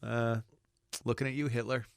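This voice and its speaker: A man co-hosting a radio show, trading quick jokes and laughing at his own lines. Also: mid-range voice, level tone, gravelly, smooth, no echo. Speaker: radio co-host. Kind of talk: casual radio banter.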